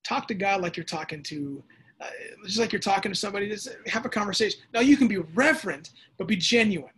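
A man preaching a sermon as pastor, lively and conversational, acting out voices and adding casual asides. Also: high-pitched, quick pace. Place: church or home setting during the pandemic.

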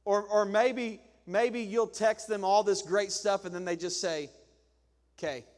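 High-voiced preacher in a reverberant church. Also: male voice, fairly even intonation, measured pace. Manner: conversational preaching with humorous acted-out quotes. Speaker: pastor. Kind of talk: sermon. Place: church sanctuary.

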